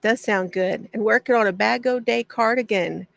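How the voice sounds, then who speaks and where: A woman's voice: fairly high pitch, moderate pace, creaky, dry recording. Chatty woman with a dry, close sound. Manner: chatty, laughs often, drawls out names. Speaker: craft livestream host. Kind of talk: casual livestream chat greeting viewers. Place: home craft shed.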